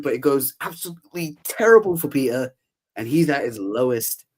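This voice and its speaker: The young podcast host has a medium-pitched voice with a breathy edge and talks a little fast. Casually recapping a film, he's animated, laughs often and acts out quotes.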